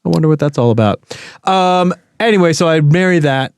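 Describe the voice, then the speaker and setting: A man's voice: fairly high pitch, lively intonation, fairly quick, smooth, no echo, clean studio sound. A man co-hosting a car podcast, chatting in a wry, joking manner. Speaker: podcast co-host. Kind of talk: casual chat.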